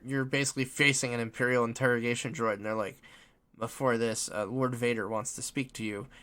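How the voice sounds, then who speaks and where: A man in his forties hosting a casual podcast chat, excitable, laughing often and swearing freely. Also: medium pitch, clear, resonant tone. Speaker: podcast host.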